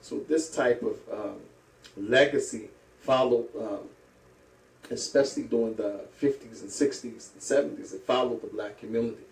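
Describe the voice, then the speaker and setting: A middle-aged man from St. Louis, an Islamic teacher, telling his life story slowly with many pauses and hesitations. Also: mid-range voice, creaky. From St. Louis, USA. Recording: echoey room, mic at a distance.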